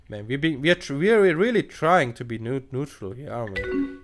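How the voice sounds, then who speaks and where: Male gamer, mid pitch, reads on-screen chat aloud, dry sarcastic asides, faint keyboard in the background. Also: sing-song, brisk, slight background noise. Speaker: let's play gamer. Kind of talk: casual let's play commentary. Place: at home at a computer.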